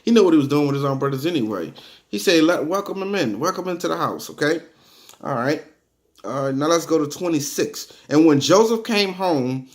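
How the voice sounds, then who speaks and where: A man leading an informal bible study, reading verses slowly and then explaining them in casual, heartfelt talk. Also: a little high. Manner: reads scripture slowly then explains in casual talk, repeating "you know what I mean". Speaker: bible teacher.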